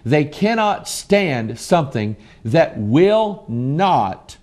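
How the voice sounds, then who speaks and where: A man's voice: on the high side, sing-song, drawn-out words, a little mellow. A middle-aged American man hosting a broadcast, reading news articles aloud and commenting on them with passion. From United States. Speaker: preacher and broadcast host.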